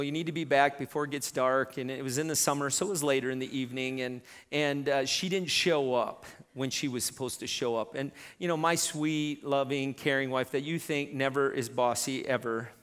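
A middle-aged man preaching a sermon, telling a lively story with many repeated starts. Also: medium pitch, normal speed, hardly any pauses, clear, resonant tone. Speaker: pastor. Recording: long reverb in a church hall.

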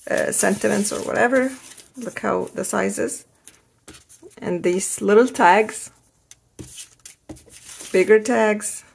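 Slow, gravelly middle-aged woman gushing over sticker haul, faint hiss and paper crinkles. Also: mid-range voice. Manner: gushing, enthusiastic, repeats praise words. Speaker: crafting channel host. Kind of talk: casual product haul show-and-tell.

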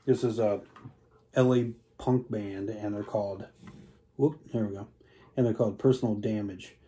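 A man's voice: on the low side, steady tone, normal speed, mellow. A man casually talking through his favorite records in a rambling vlog, with lots of fillers and easy enthusiasm. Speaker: vinyl collector reviewing records.

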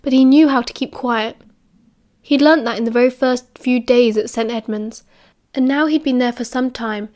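British lady reading a story aloud, fairly high voice, steady. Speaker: audiobook reader. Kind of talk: audiobook narration.

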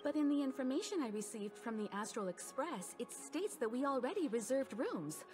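A polite young woman traveler in a game, insisting firmly. Her high voice rises and falls with a lively lilt. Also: brisk, faint music behind. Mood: insistent.

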